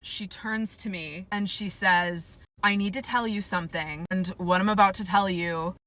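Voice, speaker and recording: A woman's voice: mid-range voice, fairly even intonation, normal speed, fairly bright tone, a little hiss or hum, rough recording. A woman telling a dating story in a chatty, hesitant, considerate way. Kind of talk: storytime monologue.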